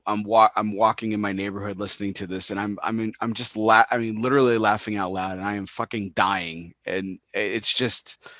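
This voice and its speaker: A mid-pitched man from Texas hosts a casual interview. He rambles and restarts his sentences before getting to the question. His voice sounds dry and close. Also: a bit bright, no echo. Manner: rambling, many restarts, laughs along. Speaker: podcast host.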